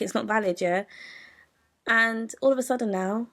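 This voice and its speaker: Young woman, podcast co-host, casual storytelling, animated. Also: medium pitch, normal speed, gravelly. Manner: animated, acts out the people in her story.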